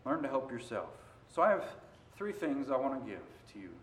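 A man preaching a sermon, moving between quiet stretches and loud, emphatic passages. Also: mid-range voice, sing-song, fairly quick, slight background noise. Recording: roomy echo.

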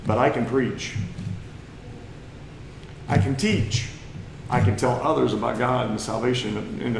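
A man's voice: mid-range voice, measured pace, vocal fry, long pauses, reverberant, background noise. A man from Missouri with a Missouri accent, preaching a lesson in a plain-spoken, folksy way that climbs into emphatic bursts. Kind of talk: sermon lesson.

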